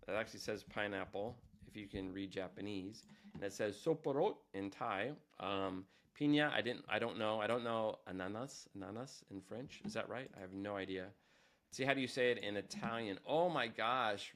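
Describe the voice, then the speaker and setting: A man's voice: on the low side, normal speed, fairly bright tone, a little hiss or hum. A man, a teacher, giving a casual screen-recorded tutorial, chatty and self-deprecating, thinking aloud as he goes.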